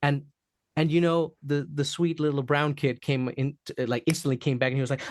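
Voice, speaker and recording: Speaking fairly quickly in a voice on the high side, an actor and singer appearing as a podcast guest shares a personal story in a relaxed interview. He performs the quotes animatedly and laughs a lot, in clean studio sound without echo.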